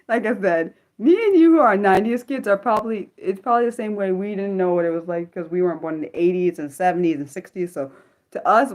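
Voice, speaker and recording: Rambling woman in her thirties, lowish voice. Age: 30s. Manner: rambling, jumps between topics, loses her thread. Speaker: livestream host. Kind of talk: casual unscripted livestream chat.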